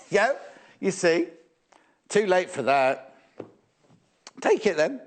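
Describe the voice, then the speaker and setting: A man's voice: high-pitched, very animated, extremely slow. A man presenting fabrics live on a shopping channel, chatty and teasing, often repeating prices and stock levels.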